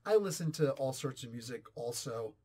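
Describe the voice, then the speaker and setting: A man in his forties giving a casual, opinionated comic book review, animated and sarcastic. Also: mid-range voice, normal speed, husky. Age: 40s. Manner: animated, ranting, sarcastic asides.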